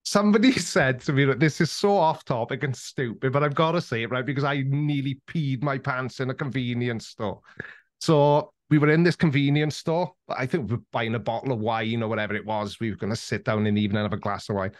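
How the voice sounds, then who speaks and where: A man's voice: mid-range voice, a little fast, dry recording. Welsh man telling stories, dry sound. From Wales. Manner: animated anecdotal storytelling with frequent restarts. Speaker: podcast guest. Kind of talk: casual interview chat.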